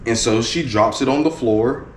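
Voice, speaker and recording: A man's voice: mid-range voice, normal speed, slight background noise. A man working as a motivational speaker, telling a story in an earnest, repetitive way with many restarts. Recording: roomy echo with faint ambience.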